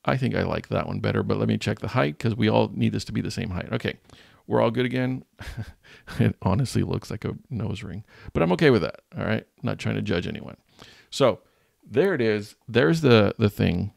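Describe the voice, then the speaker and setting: A low, heavily gravelly male voice, recorded close and dry. He is a teacher walking viewers through a design tutorial, cracking self-mocking jokes as he works. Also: lively intonation, normal speed, darkish tone, no echo. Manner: jokey, self-deprecating, thinking aloud. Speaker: teacher and channel host.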